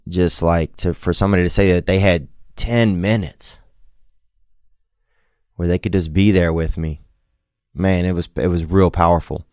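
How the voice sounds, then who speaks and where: A man with a very low voice talks through a personal story in a halting, confessional ramble. He restarts his sentences often, drops in slang, and stays reflective and open. The sound is close and dry, with no room around it. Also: fairly even intonation, a little mellow, smooth, no room sound. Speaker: podcast host.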